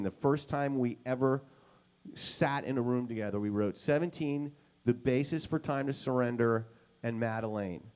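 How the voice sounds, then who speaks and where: Self-deprecating guitarist telling stories. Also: male voice, mid-range voice, darkish tone. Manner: casual, self-deprecating, many fillers and acted quotes. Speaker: guitarist and session musician. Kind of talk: anecdotal storytelling at a guitar clinic.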